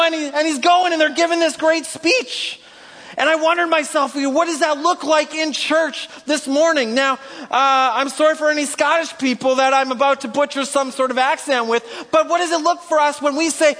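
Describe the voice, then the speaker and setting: High, bright-voiced pastor preaching in a reverberant hall. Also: male voice, fairly even intonation, normal speed. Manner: rambling, self-deprecating, rises to rousing shouts. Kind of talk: sermon. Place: church hall.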